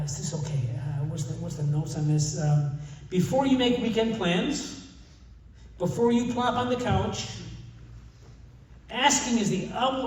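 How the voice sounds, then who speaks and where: Older man speaking in a very echoey room. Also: sits high. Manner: humorous storytelling with many restarts. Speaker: conference speaker. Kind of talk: retreat talk. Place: retreat meeting room. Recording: distant, very echoey room mic.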